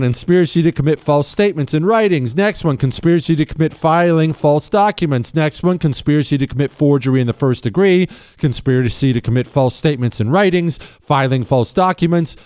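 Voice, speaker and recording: A middle-aged man hosting a talk radio show, telling stories and riffing on the news in a sarcastic, animated way. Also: fairly high pitch, smooth, dry recording, studio quality.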